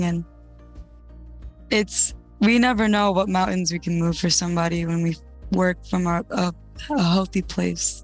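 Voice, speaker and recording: A podcast host with a level, flat delivery responding to a guest in casual, reflective chat. Faint music plays beneath the voice. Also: medium pitch.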